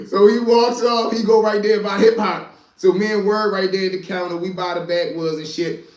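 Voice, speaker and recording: A man's voice: sits high, steady tone, moderate pace. A man casually telling a rambling, profane street story to a live audience. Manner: loose, profane street storytelling with many asides. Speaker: storyteller and channel host. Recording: roomy echo.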